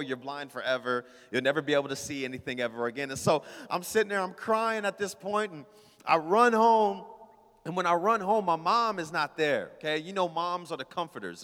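High-voiced pastor in a reverberant hall. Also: male voice, sharp tone. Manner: casual, playful, talks to the crowd. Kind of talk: storytelling sermon.

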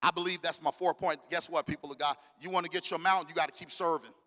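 A middle-aged pastor preaching with a high, bright, forceful voice. He delivers his sermon in a loose, slang-filled way and keeps calling out to the congregation. His voice rings with the long reverb of a church hall. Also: quick pace. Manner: animated preaching, calls out to the congregation. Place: church sanctuary.

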